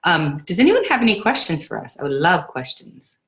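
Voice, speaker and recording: A woman's voice: on the low side, wildly swooping pitch, fairly quick, fairly bright tone, rough recording. Chatty woman hosting a book club. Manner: chatty, laughs often, quotes others in voices. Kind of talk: casual online book discussion.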